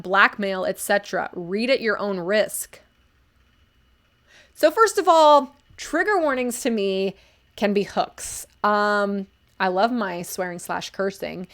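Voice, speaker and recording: Gushing, chatty young woman streamer. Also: mid-range voice. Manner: gushing, enthusiastic, chatty with many fillers. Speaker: livestream book reviewer. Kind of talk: casual live-stream commentary.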